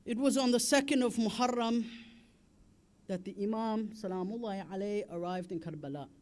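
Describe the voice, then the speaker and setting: A man's voice: high-pitched, a little fast. A man preaching a Muharram sermon and elegy, impassioned and building to a wailing lament, with chanted Arabic recitation.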